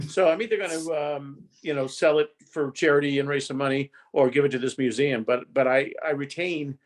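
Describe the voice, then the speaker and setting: Brief: older male guest, meandering storyteller, mid-pitched and plainly casual. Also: fairly quick. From Indiana, USA. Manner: rambling storyteller, chatty with many restarts. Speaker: guest, former game show host. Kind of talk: casual podcast interview.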